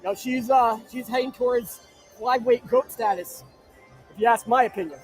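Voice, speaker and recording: Brash, high-pitched male stream host from New Jersey, firing off crude shout-outs over faint music. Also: moderate pace. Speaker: livestream host. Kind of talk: live-stream chat reading viewer comments. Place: inside an arena.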